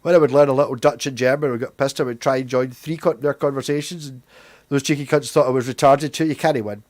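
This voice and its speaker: A man's voice: mid-range voice, fairly even intonation, fast talker, a little mellow. A young Scottish man with a Glaswegian accent, chatting casually and rambling on a livestream, swearing freely. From Scotland. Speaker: livestream host.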